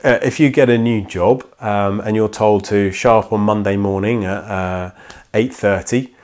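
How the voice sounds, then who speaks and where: A man's voice: lowish voice, fairly even intonation, moderate pace, darkish tone. A man preaching a sermon in a church, in a conversational way that acts out little quoted exchanges.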